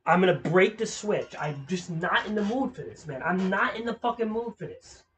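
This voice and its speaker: A man's voice: high-pitched, animated, normal speed, a bit bright, slight background noise. A young man streaming a game, ranting with lots of swearing in frustration. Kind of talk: casual gameplay commentary.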